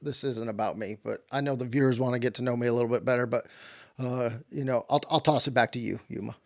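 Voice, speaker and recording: A man's voice: medium pitch, steady tone, quick pace, creaky, close to an everyday voice. A man voicing a boastful, touchy cowboy who tells tall tales of his military service in a rambling, put-on accent. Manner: rambling, swaggering bravado.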